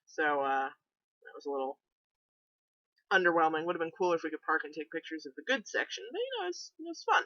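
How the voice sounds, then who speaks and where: Chatty young woman, bright dry voice. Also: low-pitched, very animated, brisk, dry recording, muffled recording. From New England, US. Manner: chatty, sarcastic, many fillers. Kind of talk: casual storytelling vlog.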